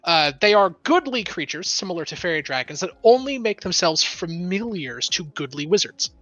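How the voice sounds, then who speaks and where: Bright, animated woman game master. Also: on the low side, moderate pace, no room sound, dull audio, faint music behind. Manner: giggly, animated narration. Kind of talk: narrating a tabletop game.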